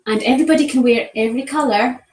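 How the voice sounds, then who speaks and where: A woman's voice: high-pitched, fast, darkish tone, reverberant, low-quality recording. A woman who works as a colour analyst, chatting casually with many ums and restarts. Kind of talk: casual chat.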